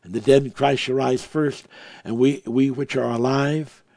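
Gravelly, husky male preacher. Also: medium pitch, fairly even intonation, normal speed, no room sound. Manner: swings from hushed awe to emphatic raised preaching. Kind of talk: sermon.

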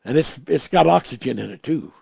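A man preaching a sermon, moving between hushed, reverent asides and emphatic, raised passages as he quotes and explains scripture. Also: medium pitch, animated, brisk, creaky, husky, no room sound.

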